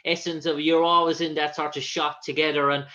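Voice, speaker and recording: A man hosting an interview, asking long, halting, rambling questions. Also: on the high side, flat delivery, pushed and bright. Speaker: interview host. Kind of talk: casual interview. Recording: dull lo-fi audio.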